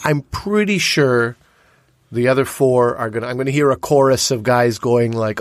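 A hungover man co-hosting a casual podcast, teasing and telling animated stories. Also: mid-range voice, moderate pace, no room sound, studio quality. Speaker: podcast co-host. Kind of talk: casual chat.

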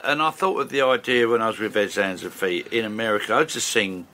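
A man, a musician being interviewed, telling stories in a chatty, halting way. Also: fairly low pitch, sharp tone. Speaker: musician guest. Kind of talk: conversational interview. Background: guitar music.

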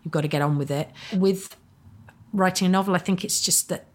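A woman's voice: fairly low pitch, brisk. A woman in her fifties, a guest author, chatting casually and self-deprecatingly in an interview. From Wales. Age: 50s.

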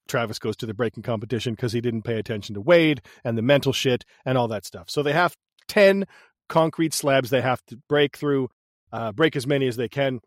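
A man co-hosting a podcast, recapping a movie in casual chat, animated and profane, laughing often. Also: medium pitch, dry recording, studio quality. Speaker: podcast co-host.

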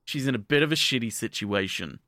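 A man with a bright, forceful voice chats through an anime recap for a podcast, rambling and swearing freely. The recording is dry and close, with no room sound around him. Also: medium pitch, brisk, dry recording. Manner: rambling, profane, animated retelling. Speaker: podcast co-host. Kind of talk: casual anime commentary.

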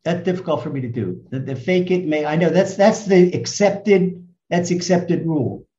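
A man in his seventies from the United States, a rabbi telling stories emphatically in a conversation, swinging from loud to hushed. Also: on the high side, moderate pace, reverberant, muffled recording. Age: 70s. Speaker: rabbi and guest speaker. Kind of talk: animated storytelling in conversation.

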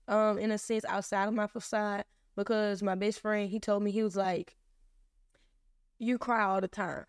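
This is the same young woman hosting her relaxed faith podcast, her voice sitting on the higher side, clear and resonant. She tells her own stories openly and animatedly, voicing both people in the dialogues she recounts. It's a clean studio recording without any room sound.

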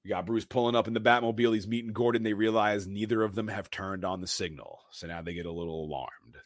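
Deep-voiced male podcast co-host, casual movie recap, quotes the characters with some flair, dry close mic. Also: quick pace, no room sound. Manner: animated retelling, quoting characters.

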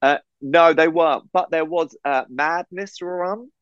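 A man from England, co-hosting a podcast, telling a story in a casual, animated way over a video call. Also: a little high, a little slow, clean tone, dry recording, muffled recording. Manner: animated storyteller, acts out quoted voices. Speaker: podcast co-host.

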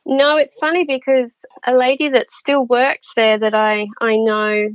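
A woman, a nurse, chatting as a guest and telling her stories in a lively way, laughing often and acting out what people said. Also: on the high side, measured pace, no room sound. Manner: animated, laughs often, acts out quotes. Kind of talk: casual storytelling chat. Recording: slightly dull lo-fi audio.

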